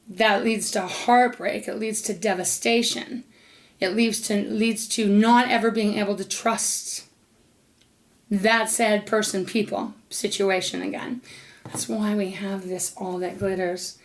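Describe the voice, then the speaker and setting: A woman giving an unscripted tarot card reading, speaking earnestly straight to her listener. She grows emotional and protective as she talks, and now and then drops a casual swear word. Between cards she speaks aloud to Spirit. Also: medium pitch. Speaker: tarot reader.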